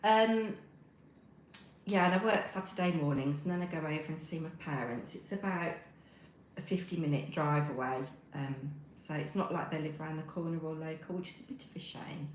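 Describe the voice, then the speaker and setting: A woman's voice: deep voice, normal speed, roomy sound, slight background noise, low-quality recording. A middle-aged British woman chatting on a crafting livestream while she knits, rambling with lots of ums and reading out chat messages. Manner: rambling, friendly, many ums, talks while knitting. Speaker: crafting live-streamer. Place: home room.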